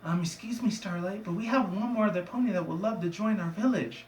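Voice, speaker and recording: A timid, gentle cartoon pegasus mare who speaks in a high, hesitant and polite voice, as a man puts her on. The recording sounds echoey and a bit distant. A faint background hum runs under it. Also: a little fast, close to an everyday voice. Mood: sweet. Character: timid female pegasus pony, gentle and soft-spoken.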